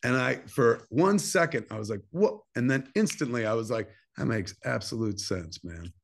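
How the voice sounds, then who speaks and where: A New Jersey filmmaker in his fifties tells a long personal story during a casual interview, swearing freely and acting out quoted dialogue in animated bursts. His voice sits in the mid range with some vocal fry, and he talks at a moderate pace.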